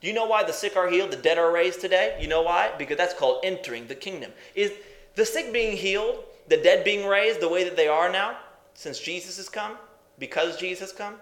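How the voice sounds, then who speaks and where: A man's voice: sits high, a little fast, a bit bright, roomy sound. A male preacher teaching a sermon in an emphatic way, asking questions and repeating phrases.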